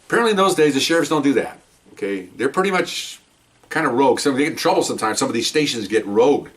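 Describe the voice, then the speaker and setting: An older man tells a long story in a relaxed, conversational way. His pitch moves a lot as he acts out other people's voices and trips over his own restarts. He sounds set a little back from the microphone. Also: fast, distant mic. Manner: animated, acts out voices, laughs, many restarts. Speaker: retired police officer telling stories. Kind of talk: casual storytelling.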